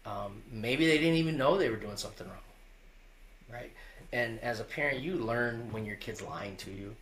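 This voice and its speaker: A man's voice: medium pitch, moderate pace, crowd noise. A middle-aged man, a wrestling coach, telling stories in a candid interview, earnest and loose, often restarting and checking in with "right?".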